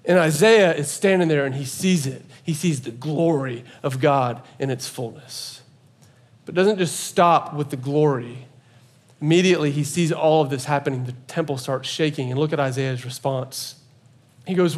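A man delivers a sermon from the pulpit, chatting with the congregation and joking with them. His voice sits a little on the high side, and he builds steadily toward loud, emphatic peaks. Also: normal speed. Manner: conversational with jokes to the congregation. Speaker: pastor.

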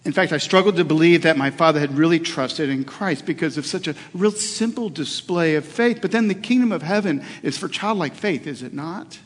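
A man's voice: fairly high pitch, a little fast, few pauses. A middle-aged male pastor preaching a sermon, telling a personal story in an earnest way with hesitations and restarts. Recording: long hall reverb.

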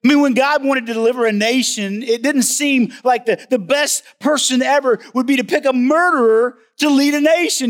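A man with a notably high voice delivers a sermon as a pastor during a church service. He preaches with emphasis, often repeating a phrase to drive it home. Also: moderate pace, few pauses.

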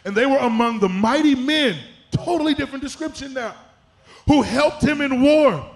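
A man's voice: extremely high pitch, normal speed, gravelly, a crowd in the background. A middle-aged man preaching a sermon in a church, building to chanted, emphatic peaks. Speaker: pastor.

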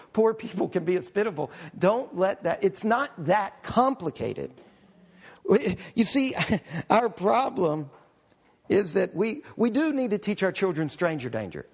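Male pastor, middle-aged, fairly high voice; conversational sermon full of humorous asides. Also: big pitch swings, normal speed.

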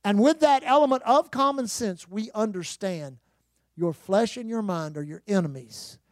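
A man's voice: sits high, moderate pace, no room sound. A male pastor preaching a sermon with call-and-response and humor.

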